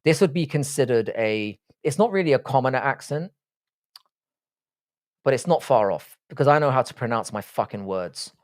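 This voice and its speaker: A man's voice: mid-range voice, lively intonation, moderate pace. Man, Southwest London accent, live-stream host, casual chat, teasing, swears a lot. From England. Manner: profane, teasing banter.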